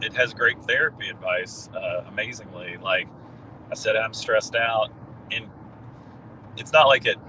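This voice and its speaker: Low, flat-voiced man, far from mic. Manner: halting and reflective, with restarts. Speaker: husband in a family vlog. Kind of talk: casual personal talk. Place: driving a car. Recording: distant mic in a noisy car.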